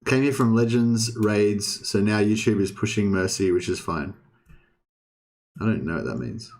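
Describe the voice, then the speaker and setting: A young man streams and chats loosely with his viewers, his voice on the low side at a normal speed. He rambles, keeps restarting sentences and swears often in this casual livestream talk.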